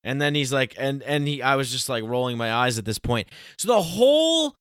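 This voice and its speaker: A man hosting a casual podcast, earnest and emphatic, slowing down to press his points. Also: medium pitch, steady tone, fairly bright tone, smooth, dry recording, clean studio sound. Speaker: podcast host.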